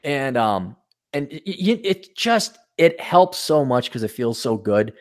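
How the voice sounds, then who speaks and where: Blunt, animated male podcast host. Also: medium pitch, a little slow. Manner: blunt, profane, animated anecdotes. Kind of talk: casual chat, storytelling.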